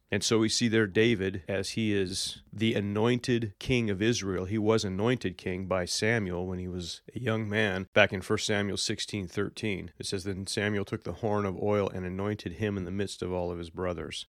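Male preacher, low voice, dry close sound, animated storytelling sermon. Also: moderate pace, hardly any pauses, dry recording. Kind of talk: sermon with scripture reading.

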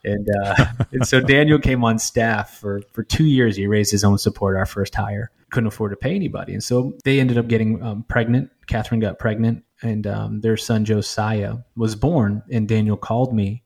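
A man's voice: on the low side, fairly even intonation, normal speed, gravelly, few pauses, a little mellow. A man, a pastor and author, telling personal stories in an interview, earnest and building to emphatic repetition. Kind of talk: conversational interview storytelling.

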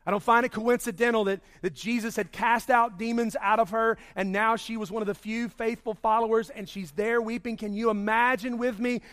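High-voiced male preacher, dramatic swings. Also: steady tone. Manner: dramatic swings from loud emphasis to hushed, slow delivery. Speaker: pastor. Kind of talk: sermon.

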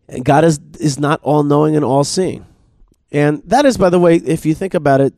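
A man's voice: on the high side, a little mellow, no echo, studio quality. A man, a rabbi and podcast host, giving a Torah teaching talk while thinking aloud with many restarts.

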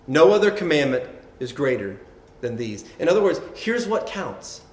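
Man, pastor, conversational sermon, somewhat high voice, echoey room. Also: very animated, moderate pace, a little mellow. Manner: conversational preaching with repeated words and tags like "right?".

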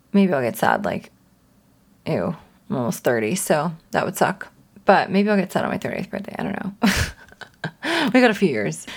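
A woman in her twenties hosting her own podcast, talking casually and earnestly, with frequent laughs. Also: lowish voice. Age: 20s. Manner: bubbly, earnest, laughs often. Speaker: podcast host. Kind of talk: casual solo podcast talk.

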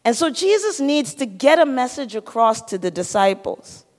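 A woman's voice: fairly high pitch, big pitch swings, moderate pace. A woman preaching a sermon, teaching and putting questions to her listeners. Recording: long hall reverb.

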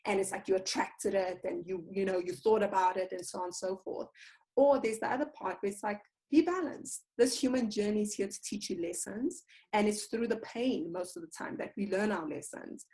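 A woman's voice: medium pitch, brisk, rough recording. Lady podcast host, chatty, laughs a lot, loves a story. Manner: warm, laughs easily, tells anecdotes. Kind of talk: casual conversation.

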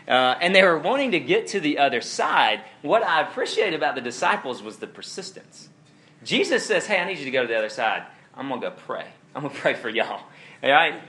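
A young man preaching a casual, conversational sermon, telling stories with chuckling asides. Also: medium pitch. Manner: animated, chuckling, storytelling asides. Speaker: pastor.

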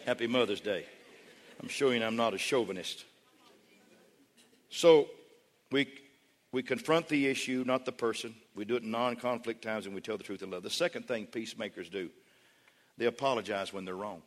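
A middle-aged man preaching a sermon as pastor, emphatic, with call-and-response to the congregation and climaxes that rise toward shouting. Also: medium pitch, normal speed, pauses often. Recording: long reverb of a large church hall.

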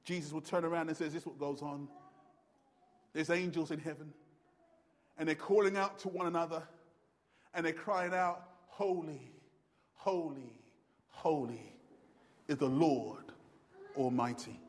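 A man preaching a sermon, swinging between loud emphatic lines and low, quiet ones. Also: fairly even intonation, measured pace, long pauses. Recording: long hall reverb.

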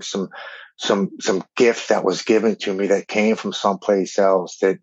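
A man, a podcast guest, telling an emotional recovery story in an earnest, halting way with repeated words. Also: deep voice, no echo. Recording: dull, dry remote recording.

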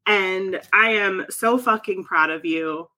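Podcast cohost lady gushing at her friend, swears a lot, slow unhurried delivery, bright voice. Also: mid-range voice. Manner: effusive, swears freely, laughs often. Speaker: podcast co-host. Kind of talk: casual chat.

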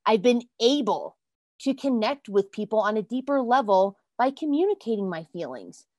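A woman's voice: fairly high pitch, moderate pace, dry recording, lo-fi sound. Earnest woman giving a motivational talk. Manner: earnest, emphatic, addresses listeners as "you guys"; bursts into excited exclamations. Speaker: self-help podcast host.

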